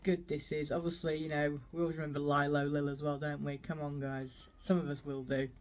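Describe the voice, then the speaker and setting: A woman's voice: low voice, level tone, fairly quick. A woman vlogging her thrift finds in a chatty, rambling way, laughing often. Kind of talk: casual chat.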